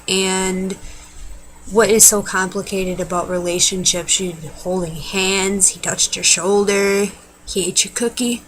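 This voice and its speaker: A woman's voice: mid-range voice, fairly even intonation, measured pace, poor audio. Blunt young woman ranting to camera. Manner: blunt, exasperated, swears freely. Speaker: vlogger. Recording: faint background noise.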